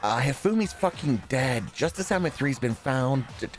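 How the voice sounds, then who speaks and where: A male game streamer who talks casually and reacts out loud, swearing and laughing as he theorizes. His pitch moves a great deal, and his voice sits at a middle height. Faint game music plays behind him. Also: animated, normal speed. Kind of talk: let's-play commentary.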